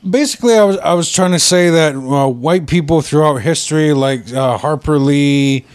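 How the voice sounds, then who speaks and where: A man's voice: on the high side, normal speed, clean tone. A man co-hosting a podcast, telling stories in casual banter and swearing freely. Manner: animated storytelling, swears a lot. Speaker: podcast co-host.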